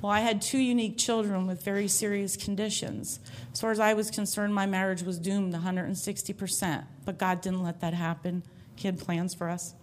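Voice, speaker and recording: A woman's voice: medium pitch, fairly even intonation, a little fast, a little hiss or hum. A woman giving a heartfelt personal faith testimony to a church congregation, telling her story earnestly from the stage.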